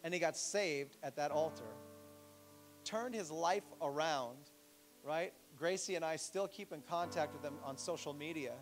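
Male pastor, higher voice, lively storytelling sermon, faint instruments behind. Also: a little slow, faint music behind, rough recording. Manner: animated storytelling preacher, rising to emphatic appeals. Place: church sanctuary.

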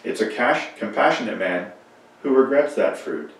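A man voicing a kind, wise caravan master who speaks in a gentle, measured way. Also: lowish voice, expressive. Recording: echoey church from far off.

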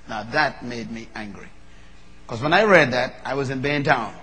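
A man preaching a sermon, moving from low, measured talk to loud, fervent preaching. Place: large hall. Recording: long reverb of a large hall.

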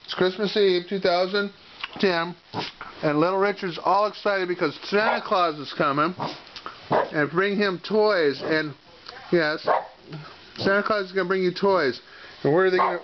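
A man chatters to his dogs in a teasing, coaxing sing-song, dragging his words out slowly. His voice sits a little high for a man. The home video sounds muffled, with a steady hiss behind him. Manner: playful baby talk to dogs, teasing and coaxing. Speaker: dog owner filming his pets.

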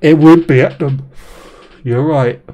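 On a muffled recording, a man with a somewhat high voice talks without rushing. He's streaming live gameplay with loose commentary, getting excitable, swearing often, and talking with viewers.

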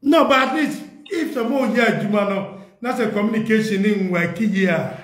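A man's voice: high voice, normal speed, slight background noise. A man with a Ghanaian accent making an earnest, pleading appeal to party leaders, mixing in English. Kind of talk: impassioned appeal, Twi mixed with English. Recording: echoey room.

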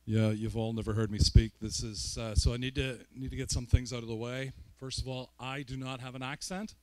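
A man's voice: mid-range voice, flat delivery, fairly quick, darkish tone. A man from Northern Ireland with a Belfast accent, a guest preacher giving a sermon with joking, self-mocking asides. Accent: Northern Irish, Belfast.

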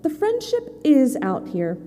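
A woman voicing a polite, hopeful little female hedgehog in a storybook reading, speaking slowly and sweetly. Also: sits high, wildly swooping pitch, warm tone, long reverb tail, full character voice. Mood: determined. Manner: eager, slow and sweetly emphatic.

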